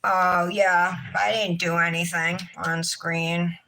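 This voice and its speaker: Bright-voiced exasperated woman streamer. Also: lowish voice, little pitch movement, slow, slight background noise, low-quality recording. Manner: exasperated, talks to herself and the chat. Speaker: nail art livestream host. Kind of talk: casual livestream chat to viewers.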